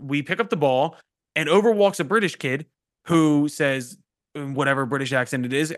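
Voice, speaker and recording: A man's voice: on the high side, fast talker, fairly bright tone. Profane laughing podcast host guy. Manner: loose, profane storytelling with laughs. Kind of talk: casual chat.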